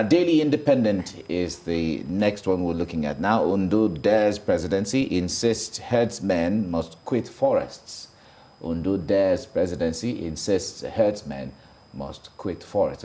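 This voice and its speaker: A Nigerian-accented man with a very low voice reads out the morning's newspaper headlines. He is measured and deliberate, often repeating each headline a second time. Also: warm tone. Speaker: news presenter. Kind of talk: newspaper review reading headlines.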